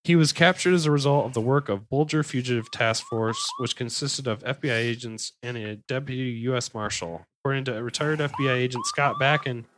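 A young adult man hosting a podcast, telling a crime story in a relaxed, jokey way and correcting himself as he goes. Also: mid-range voice, brisk, few pauses, noisy background. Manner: relaxed, swearing, jokey asides, self-correcting. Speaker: podcast host. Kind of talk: casual true-crime storytelling.

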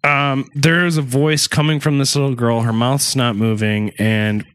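A man hosts a podcast and rambles through a story in casual talk. He swears freely and laughs at his own asides. His voice sits at a middle pitch and sounds close and dry, with no room around it. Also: level tone, normal speed, a bit bright, clean tone, no echo. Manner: rambling, profane, laughs often. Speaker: podcast host.

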